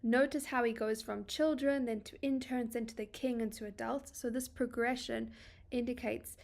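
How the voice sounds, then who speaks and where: A woman's voice: on the high side, steady tone, normal speed, vocal fry, darkish tone. A woman with a South African accent tutoring English literature, reading poem lines and paraphrasing them casually with many fillers. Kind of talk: poetry analysis lesson.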